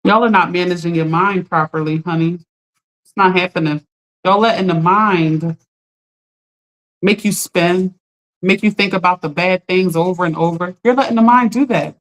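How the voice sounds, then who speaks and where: A woman's voice: lowish voice, normal speed. A woman giving an emphatic, encouraging motivational talk as a life coach, speaking straight to her live-stream viewers as "y'all.". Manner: earnest and encouraging, greeting viewers by name.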